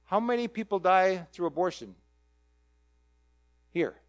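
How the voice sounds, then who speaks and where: A man preaching a conversational sermon, animated and full of rhetorical questions. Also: high voice. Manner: animated, asks rhetorical questions, acts out quick quoted voices.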